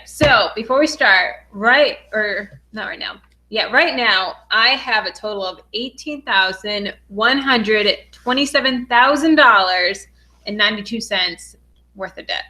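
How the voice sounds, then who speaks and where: An upbeat young woman chatting on a casual livestream, her voice sitting a touch high. She is bubbly and excitable, and peppers her talk with "um" as she goes. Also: measured pace. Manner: bubbly and excitable, many "um" fillers. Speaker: vlogger hosting a livestream.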